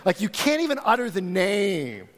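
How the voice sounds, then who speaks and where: A man preaching a sermon, reading scripture aloud and retelling the story in an animated, conversational way with frequent restarts. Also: sits high, moderate pace. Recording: audio recording of a talk.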